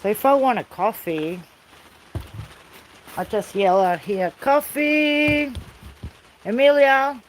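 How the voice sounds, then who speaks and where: A woman's voice: mid-range voice, animated, unhurried, pauses often, a little mellow, slight background noise, low-quality recording. A woman with an Australian accent chatting in a rambling, easygoing way outdoors by a fire, calling out now and then to people off camera. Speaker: vlogger. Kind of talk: casual chat. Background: rain falling.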